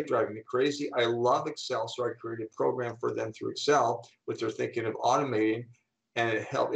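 Gravelly-voiced man telling lively stories. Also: mid-range voice, rough recording. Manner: animated anecdotes, acting out the people he quotes. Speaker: guest speaker and coach. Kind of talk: storytelling in an interview.

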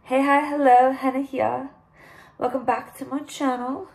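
Casting: young woman vlogger, slightly high voice, chatty and rambling. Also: level tone, a little slow, creaky, a little mellow. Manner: bubbly, chatty, rambling with restarts. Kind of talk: casual vlog chat.

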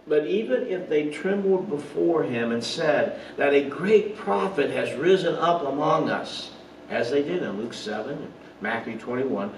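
A man's voice: a little high, slight background noise. Male pastor, earnest sermon delivery, recorded from a distance in a roomy space with faint ambience. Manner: earnest preaching with rhetorical questions, some slips and asides. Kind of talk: online Bible study sermon.

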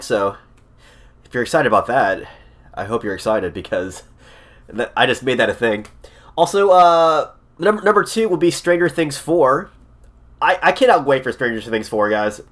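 A man vlogging casually to camera, excitable and rambling, often repeating himself and restarting sentences. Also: mid-range voice. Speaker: theme park vlogger. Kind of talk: casual vlog talk to camera.

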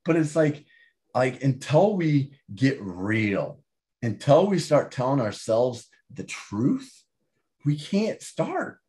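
A man talking as an interview guest and author, emphatic and animated, often tagging his points with "right?". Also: medium pitch, slow. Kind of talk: casual interview talk.

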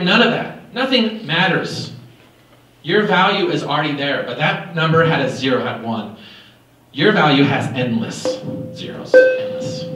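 At a high school assembly, a male motivational speaker gives a playful, animated talk, addressing the students directly. The recording is echoey, with his voice coming from far off in the hall.

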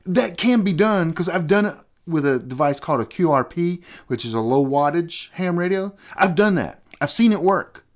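A man's voice: on the high side, animated, normal speed, few pauses. A middle-aged man hosting a podcast, talking animatedly and acting out conversations in a casual rant. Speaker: podcast host. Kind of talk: casual ranting chat.

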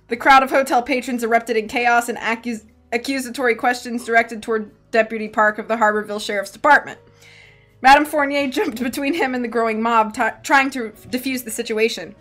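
A woman reads a novel aloud on a live stream, her voice sitting slightly high. She breaks into chatty, giggly asides to her viewers. Faint music plays behind her. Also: steady tone, fairly quick, a bit bright. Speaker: streamer reading a book aloud. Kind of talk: live-stream storybook reading and chat.

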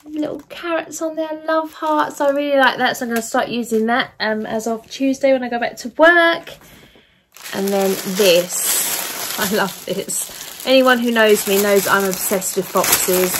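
Background noise sits under this fairly high-pitched young woman as she talks at a measured pace through a gift haul. She's a vlogger, gushing and eager, with plenty of fillers in her casual chatter.

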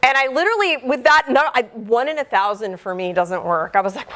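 A middle-aged woman biologist giving an informal public lecture, chatty and animated, acting out the dialogue she quotes. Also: a little high, a little fast, few pauses.

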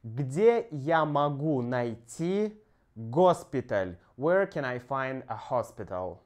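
A male language teacher talks through a pronunciation lesson at an unhurried, drawn-out pace. His English halts often on "uh" as he searches for words, in a mid-pitched voice. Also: sing-song, darkish tone. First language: Russian. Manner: slow, halting explanations with frequent "uh" pauses.

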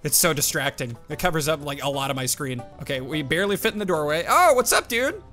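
Excitable young male let's-player, high and bright tone, faint game music behind. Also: fast. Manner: excitable, exclaiming, laughing. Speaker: gaming video host. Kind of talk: let's play commentary.

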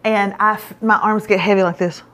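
A woman's voice: mid-range voice, steady tone, fairly quick, a bit bright. A middle-aged woman, hosting a show and telling a self-mocking story in casual chat. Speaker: show host.

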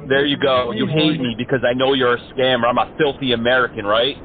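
A man's voice: mid-range voice, steady tone, quick pace. A man prank-calling phone scammers in a mocking, taunting way, swearing freely. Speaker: scam baiter. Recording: tinny phone line.

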